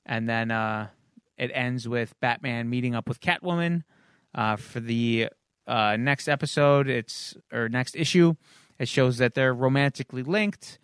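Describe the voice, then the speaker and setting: A man's voice: medium pitch, unhurried, smooth, no room sound, clean studio sound. A man hosting a podcast, casually recapping a comic issue in a loose, rambling way with frequent ums and uhs. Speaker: podcast host.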